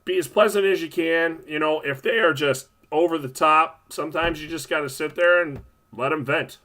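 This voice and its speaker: Direct, matter-of-fact referee co-host. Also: male voice, on the high side, normal speed, pushed and bright. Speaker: podcast co-host, hockey referee. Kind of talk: casual advice chat.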